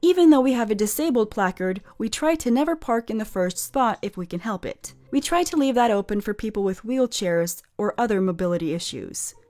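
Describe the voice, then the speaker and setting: Chatty woman with a lively voice. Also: mid-range voice, brisk, few pauses. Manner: chatty, sarcastic asides. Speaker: story narrator. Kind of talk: reading stories with casual commentary.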